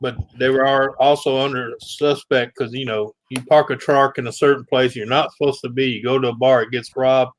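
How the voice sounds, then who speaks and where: An easygoing man in a casual chat, rambling through a story at a relaxed clip. His voice sits at an ordinary pitch. The sound is dry and close. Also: a little fast, few pauses, no room sound, rough recording. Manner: easygoing storyteller, says yeah often. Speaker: regular guest.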